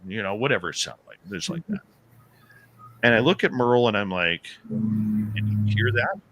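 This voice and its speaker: A man, a paranormal radio host, telling an animated story as an interview guest and acting out the dialogue. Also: medium pitch, a little fast, muffled recording. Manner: animated storyteller who acts out quoted dialogue.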